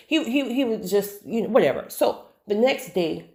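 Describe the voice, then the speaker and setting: Woman, casual storytime monologue, lively swooping pitch, emphatic repetitions, chatty asides to the viewer. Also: a little fast. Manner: animated, emphatic, repeats words for effect. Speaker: storyteller sharing a personal faith story.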